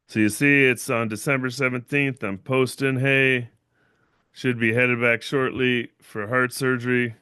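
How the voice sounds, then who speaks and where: In a flat, unhurried delivery, a young channel owner hosting his livestream rambles through a long personal story, repeating himself and ending lines with "right?". His voice is medium-pitched, sharp, clear and resonant, captured in a dry, clean studio recording.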